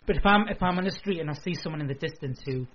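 A male radio co-host speaking candidly in casual chat and sometimes clearing his throat. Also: fairly high pitch, very fast. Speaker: podcast co-host. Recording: lo-fi radio broadcast with faint hiss.

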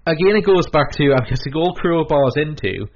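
A man's voice: on the high side, expressive, moderate pace, lo-fi sound. A man in casual chat who rambles with many fillers and restarts and acts out quoted lines.

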